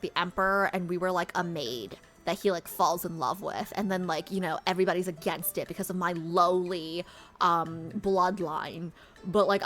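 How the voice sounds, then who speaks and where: A woman streaming a game who reads its text aloud and reacts excitedly, with casual swearing. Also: fairly low pitch. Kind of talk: live-stream gameplay commentary.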